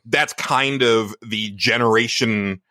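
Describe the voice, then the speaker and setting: A man's voice: medium pitch, slow pace, pushed and bright, dry recording, clean studio sound. A man co-hosting a podcast in casual chat, rambling and filling his sentences with "like". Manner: rambling, heavy use of "like". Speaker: podcast co-host.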